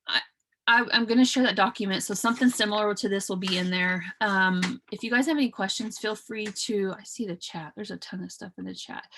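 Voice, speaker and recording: A woman's voice: medium pitch, fairly bright tone. A woman in her thirties leading a business video call, talking in an earnest, chatty way with many fillers and restarts. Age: 30s. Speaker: team leader hosting a business call. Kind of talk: casual motivational talk on a video call.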